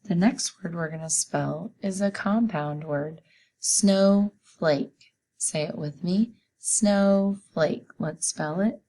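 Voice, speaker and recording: A woman teacher giving a spelling lesson for children, sounding out each letter slowly and patiently. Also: on the low side, warm tone.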